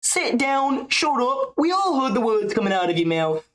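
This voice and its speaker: A man putting on a shrill, raspy impression of a scolding fighter, pitched far above his own voice. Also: sing-song, moderate pace, fairly bright tone, reverberant, full character voice. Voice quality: raspy, squeaky high.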